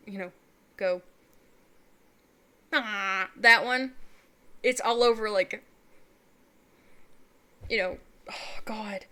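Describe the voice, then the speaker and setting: Young adult woman vlogger, bright tone, rambling and self-deprecating chat. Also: medium pitch. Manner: rambling, candid, self-deprecating, laughs often. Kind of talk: casual chat.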